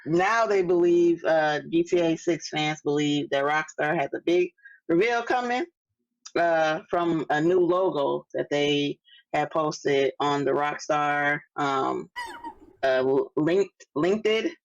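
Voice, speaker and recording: A woman, co-hosting a casual podcast chat, halting and full of fillers. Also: deep voice, no echo. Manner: relaxed, halting, lots of fillers. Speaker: podcast co-host. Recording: dull lo-fi sound.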